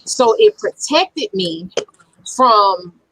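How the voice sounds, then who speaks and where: Bright, husky-voiced woman sharing earnestly. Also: mid-range voice, sing-song, drawn-out words, poor audio. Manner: personal, earnest storytelling. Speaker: panel guest. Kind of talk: casual panel discussion.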